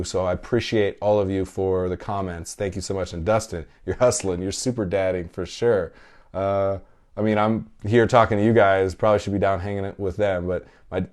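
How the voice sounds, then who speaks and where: A thirty-something man hosts a podcast with a low-pitched, slightly mellow voice, a level tone and normal speed. He reads listener comments in a casual live chat, speaking candidly and emotionally, with free swearing.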